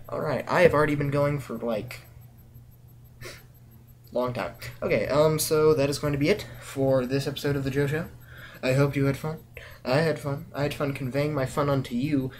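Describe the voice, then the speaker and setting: A teenage guy hosting a casual vlog from his bedroom, rambling and joking at his own expense, with long drawn-out pauses. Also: medium pitch, slight background noise. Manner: rambling, jokey, self-deprecating, with drawn-out pauses. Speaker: vlog host.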